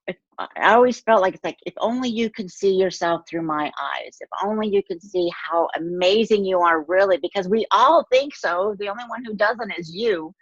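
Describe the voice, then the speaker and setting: Earnest low-voiced woman coach, lo-fi. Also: no echo. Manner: encouraging, earnest. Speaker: guest, empowerment coach. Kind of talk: casual interview chat. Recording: dull, dry lo-fi sound.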